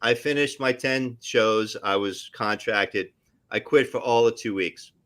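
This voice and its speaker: A middle-aged man, an actor, telling stories casually on a live stream in an animated way. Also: medium pitch, measured pace. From New Jersey area. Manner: animated, tells stories with voices and asides. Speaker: actor guest.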